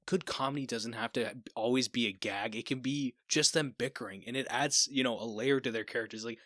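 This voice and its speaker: A man co-hosting a casual movie podcast, animated, often acting out film lines in high voices. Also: fairly quick, no echo, clean studio sound. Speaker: podcast co-host.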